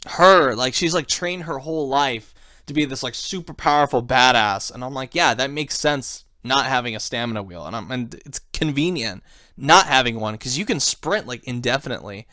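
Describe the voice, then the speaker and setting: A man hosting a casual podcast chat, talking excitedly and rambling with lots of swearing. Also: mid-range voice, normal speed, dry recording, studio quality. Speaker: podcast host.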